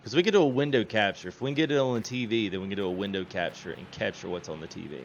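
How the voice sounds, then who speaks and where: A man's voice: on the low side, very fast, gravelly, dull audio, slight background noise. A man hosting a gaming livestream, chatting casually and reading chat aloud. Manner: chatty, laughs often, reads chat aloud.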